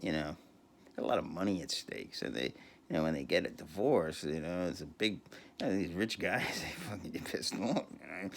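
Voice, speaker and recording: Deep gravelly New man in his fifties. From New York, USA. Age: 50s. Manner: profane, laughing, rambling storyteller. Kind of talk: rambling crude comic monologue.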